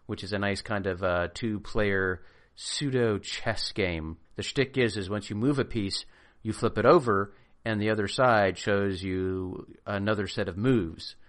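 A man with a somewhat low voice on a casual podcast, explaining patiently. He fills gaps with ums and speaks in a relaxed, unhurried way. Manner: explanatory, relaxed, hesitant fillers. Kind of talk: casual chat.

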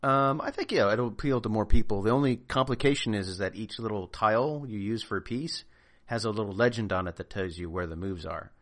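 Low-voiced man explaining board games. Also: brisk. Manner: explanatory, relaxed, hesitant fillers. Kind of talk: casual chat.

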